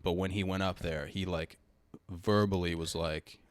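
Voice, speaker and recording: Young male comedian, low-pitched, relaxed mumbly delivery. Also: moderate pace, clear, resonant tone, no echo. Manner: laid-back, mumbly, says "dude" often. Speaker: stand-up comedian guest. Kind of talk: casual comedy podcast chat.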